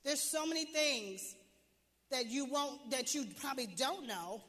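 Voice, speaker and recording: A woman's voice: high-pitched, expressive, measured pace, fairly bright tone, long reverb tail. A woman coach giving a motivational talk to an audience, emphatic and preachy, firing off repeated questions. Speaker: business and wealth coach.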